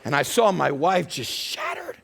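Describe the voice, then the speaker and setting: Give me a male pastor preaching in a lively, story-driven way. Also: fairly high pitch, normal speed, creaky, some chatter behind. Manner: animated storytelling with acted-out quotes. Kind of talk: sermon.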